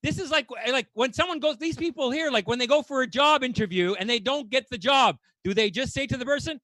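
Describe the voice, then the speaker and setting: A man's voice: very high voice, brisk, few pauses, pushed and bright, dry recording. A man doing a stand-up comedy set on a club stage, ranting in exasperation and swearing casually.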